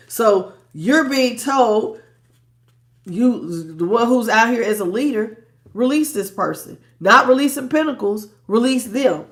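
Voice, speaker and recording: A woman's voice: on the high side, lively intonation, measured pace. A stuffed-up woman giving a blunt, preachy live tarot reading, talking in slang and greeting her chat viewers. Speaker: tarot reader.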